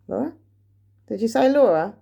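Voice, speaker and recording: Nervous woman hushed on a ghost hunt. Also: medium pitch, fairly quick, lo-fi sound. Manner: hushed, nervous, asking questions into the dark. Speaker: paranormal vlogger. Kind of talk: ghost-hunting session vlog.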